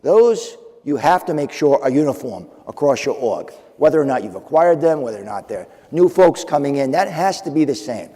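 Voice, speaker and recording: A man's voice: mid-range voice, big pitch swings, moderate pace, hardly any pauses, mellow. A man with a New England accent speaking on a conference panel as a compliance officer, conversational, with restarts and fillers. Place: conference room with audience. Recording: long reverb of a conference hall.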